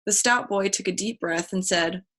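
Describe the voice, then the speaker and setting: A woman's voice: medium pitch, moderate pace, fairly bright tone. A woman reads a children's mystery novel aloud. She now and then stumbles and restarts a phrase. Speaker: audiobook reader.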